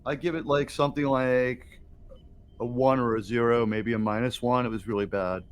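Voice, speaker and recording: A man's voice: mid-range voice, steady tone, brisk. Blunt, profane man hosting a reaction chat. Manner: blunt, profane, laughs often. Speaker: host.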